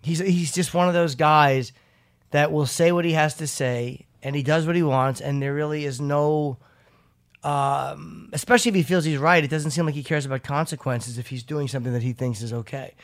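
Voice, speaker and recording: Man, talk show host, fairly high voice, rambling, profane, casual, restarts sentences. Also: fairly even intonation, moderate pace. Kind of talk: casual chat and live ad read.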